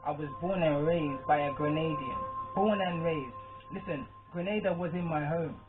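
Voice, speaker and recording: A woman born in Britain speaks with a clear Caribbean patois twang, chatting casually about her card readings. She rambles and keeps checking that her listener follows. The sound is narrow and phone-like, with soft music faintly underneath. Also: low voice, normal speed. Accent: British with a Caribbean patois twang. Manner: chatty, rambling, often asks "you understand?". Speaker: spiritual card-reading vlogger. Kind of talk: casual monologue to camera.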